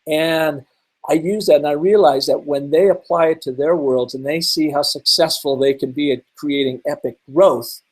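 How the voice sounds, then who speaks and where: A middle-aged man from the Seattle area presents a webinar in a slightly higher-pitched voice. He teaches through energetic storytelling and keeps asking his listeners rhetorical questions. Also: moderate pace, rough recording. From Seattle, Washington area.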